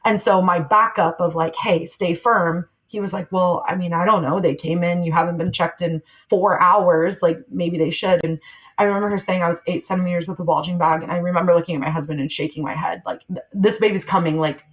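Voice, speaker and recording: A woman's voice: fairly low pitch, steady tone, fast talker, rough recording. A young adult woman talking candidly and reflectively, recounting her own experience as a podcast guest and acting out what people said. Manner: candid, reflective, acts out quoted voices with laughs. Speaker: guest sharing her birth story. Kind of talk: conversational storytelling.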